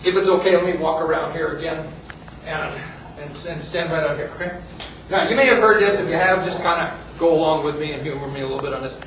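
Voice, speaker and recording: A man's voice: a little high, quick pace, fairly bright tone, a little hiss or hum. A man giving a folksy, joking history talk at a meeting, often restarting phrases. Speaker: speaker at a heritage group meeting. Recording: echoey hall, speaker far from mic.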